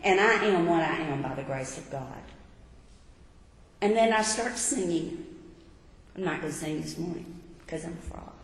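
A woman's voice: lowish voice, normal speed, pauses often. A woman teaching a sermon to a women's audience, emphatic and repeating her key points with questions to the listeners. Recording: echoey hall, voice carrying.

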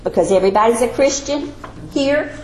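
A woman's voice: on the high side, lively intonation, brisk, a little mellow, a little hiss or hum. A woman teaching a Sunday school Bible study, earnest and emphatic with folksy asides. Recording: echoey room.

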